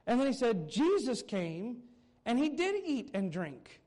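A man preaching a sermon as pastor, swinging between loud emphasis and quiet asides, and repeating words when he gets excited. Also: very high-pitched, a little slow.

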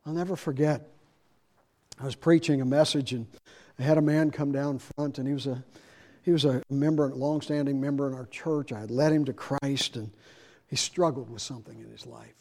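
A middle-aged man preaching a sermon as pastor, moving between quiet, confiding storytelling and loud, raised emphasis. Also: fairly even intonation, moderate pace. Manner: shifts from soft confiding asides to loud, high-pitched emphasis.

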